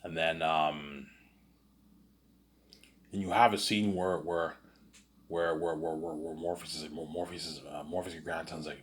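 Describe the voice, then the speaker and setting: Man, extremely low voice, casual rambling storytelling, stammering repetitions. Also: little pitch movement, normal speed, a little hiss or hum. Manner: rambling, stammering repetitions, constant "you know what I'm saying".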